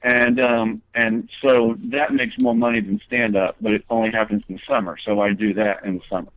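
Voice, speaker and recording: Heard over a tinny phone line, a man with a medium-pitched, gravelly voice speaks a little fast, his pitch swinging widely. He's a guest comedian chatting in a casual interview, and his long, rambling stories are full of fillers and restarts.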